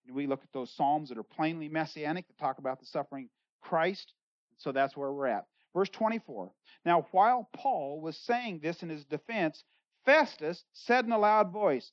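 A pastor preaching an expository sermon, reading scripture and explaining it in plain, conversational words, and acting out the quoted speakers with big jumps in pitch and loudness. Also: lively intonation, normal speed, no echo. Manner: conversational, paraphrases in everyday words. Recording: dull lo-fi sound.

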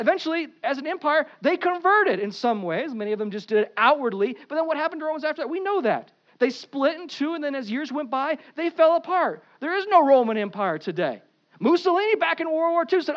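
A pastor preaching an Easter sermon, with animated swings between loud emphasis and quiet asides. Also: male voice, very high-pitched, highs cut off.

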